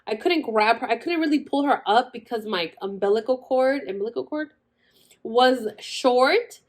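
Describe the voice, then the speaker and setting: Young woman, slightly high pitch, casual chatty storyteller who acts out quotes. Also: animated, normal speed. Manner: chatty, says "like" and "girl" constantly, acts out quoted voices. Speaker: vlogger telling a birth story.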